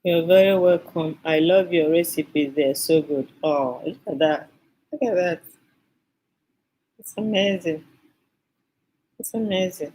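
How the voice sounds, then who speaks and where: A woman's voice: on the low side, slow, pauses often, mellow, rough recording. Effusive woman hosting a live stream. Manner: effusive, repeats phrases, thanks viewers by name. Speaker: skincare channel host. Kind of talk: live-stream chat with viewers.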